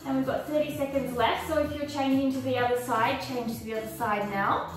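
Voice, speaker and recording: A woman's voice: sits high, fairly even intonation, a little fast, few pauses. A woman fitness instructor guiding a workout, encouraging and cueing moves and counting time. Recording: echoey room, mic far off, faint music.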